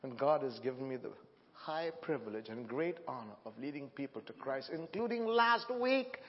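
A middle-aged man preaching a sermon as guest preacher, telling a personal story with emotion and building to loud proclamations, on a church microphone. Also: medium pitch, lively intonation, moderate pace. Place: church sanctuary. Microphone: handheld or stand microphone. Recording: dull sound with long hall reverb.

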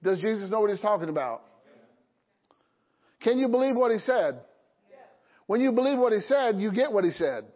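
High-voiced preaching man, lo-fi. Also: big pitch swings, normal speed, pauses often. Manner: call-and-response preaching, frequent "Okay?" and "Amen?". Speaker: pastor. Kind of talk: sermon. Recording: dull lo-fi recording.

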